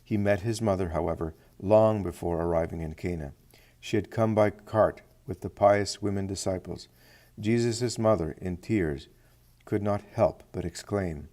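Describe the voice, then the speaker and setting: A man reading a devotional book aloud in a steady manner, citing page numbers as he goes. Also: low-pitched, moderate pace. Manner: steady, reads citations aloud. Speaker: reader.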